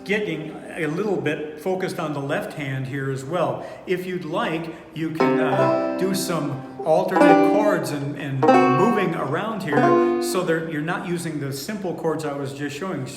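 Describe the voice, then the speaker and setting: A man teaching four-string banjo in a relaxed, unhurried way, thinking aloud with fillers as he plays. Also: on the high side, music in the background. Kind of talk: relaxed online music lesson. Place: indoor room, playing banjo while talking. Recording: echoey room with long reverb, banjo playing behind.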